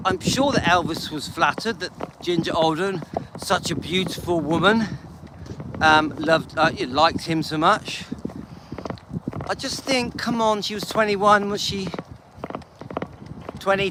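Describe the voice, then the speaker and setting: High-voiced English man, out of breath, walking outdoors, loud wind noise. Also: a little slow, long pauses. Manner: emphatic, scornful asides to viewers. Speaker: channel host. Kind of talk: walking vlog commentary. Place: outdoors on a walk.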